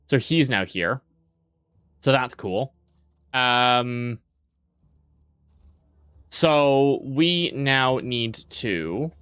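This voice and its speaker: A man's voice: mid-range voice, a bit bright, smooth, dry recording, studio quality. A man streaming a video game, rambling in casual commentary, swearing freely and poking fun at himself.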